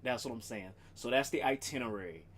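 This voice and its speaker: A male streamer chats loosely about his weekend, rambling and cursing as he goes. His voice sits at an average pitch, and a faint hum of room noise runs underneath. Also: brisk. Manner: loose, rambling, swears freely, laughs often. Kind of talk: casual chat.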